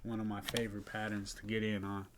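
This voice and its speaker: A sleepy, yawning man casually talking through his day trades, relaxed and chatty, thinking aloud with fillers and soft laughs. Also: lowish voice, fast talker, slight background noise. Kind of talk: casual screen-recorded trade review.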